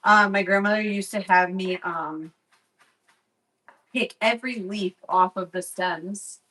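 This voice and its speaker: A woman's voice: medium pitch, slow, poor audio. Young mom chatting while she cooks, swears a lot, kitchen vlog vibe, normal mid voice. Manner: chatty, profane, animated storytelling. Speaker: vlogger. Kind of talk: casual cooking vlog chat. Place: home kitchen.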